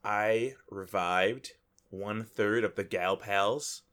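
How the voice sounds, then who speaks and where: A man co-hosting a casual gaming podcast, animated and joking, slipping into silly voices. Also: lowish voice, takes it slowly. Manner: animated, breaks into exaggerated voices for jokes. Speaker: podcast co-host.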